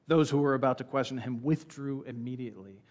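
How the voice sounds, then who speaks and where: A man preaching a sermon in a church, retelling a scripture passage in a casual, animated way and acting out the characters' lines. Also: medium pitch, fast. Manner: conversational, animated storytelling with acted-out quotes. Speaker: pastor.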